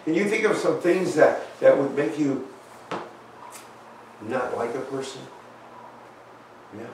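A man giving a children's talk in church, folksy and halting, reading a storybook. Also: fairly high pitch, lively intonation, a little mellow, slight background noise. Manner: folksy, halting, many fillers. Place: church sanctuary. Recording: echoey church from far off.

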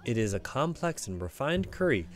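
Man playing a polite curry cook from a game, plain voice, lively pitch. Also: normal speed, close to an everyday voice.

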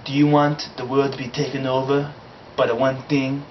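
A man's voice: medium pitch, level tone, moderate pace, slight background noise. Man rambling in a put-on accent. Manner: vague put-on foreign accent, rambling and improvised. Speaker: comic character host. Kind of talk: amateur comedy sketch. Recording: roomy, dull lo-fi home video.

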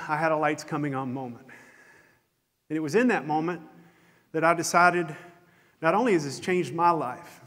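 A man's voice: a little high, fairly bright tone. A middle-aged man giving a conference keynote, telling a candid, self-deprecating personal story on a concert hall stage. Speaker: conference speaker. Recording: long hall reverb.

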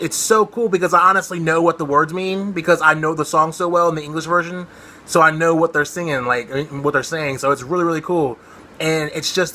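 A young man doing excited reaction commentary, gushing and slangy with a lot of swearing. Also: fairly high pitch. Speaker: vlogger reacting to a music performance. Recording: pop music playing loudly behind.

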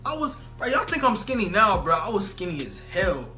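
A man's voice: high voice, big pitch swings, fairly quick, over music. A young man telling a funny storytime vlog in slangy casual talk, full of "bro" and "you know what I'm saying". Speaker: storytelling vlogger.

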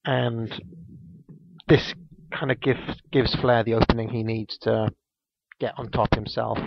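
A man's voice: mid-range voice, little pitch movement, measured pace, vocal fry, no echo. A man, casually recapping a wrestling match on a podcast, rambling with lots of ums and restarts. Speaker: podcast co-host. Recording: dull, lo-fi dry podcast mic.

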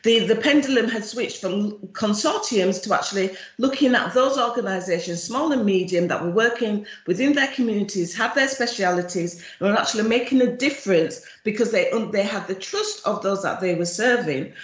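A woman's voice: medium pitch, moderate pace, hardly any pauses. A woman with a Jamaican accent, a charity chief executive giving a frank, emphatic presentation at a virtual conference. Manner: frank, emphatic, speaks of her views directly. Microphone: video call computer mic. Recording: roomy, dull lo-fi video call audio.

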